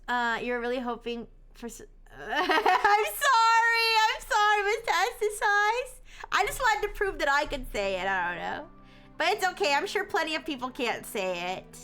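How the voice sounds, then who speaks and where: A woman's voice: sits high, sharp tone. A young woman chatting casually on a livestream, answering chat messages and giggling often.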